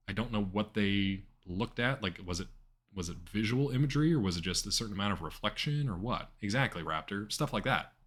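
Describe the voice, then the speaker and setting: A man streaming a video game live, chatting casually with viewers and rambling with plenty of fillers. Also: fairly low pitch. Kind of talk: casual live-stream commentary while gaming.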